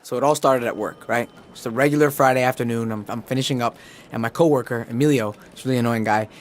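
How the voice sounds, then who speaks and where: A young man telling a comic story in an animated, rambling way, full of 'like'. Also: medium pitch, quick pace, slight background noise. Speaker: comedian.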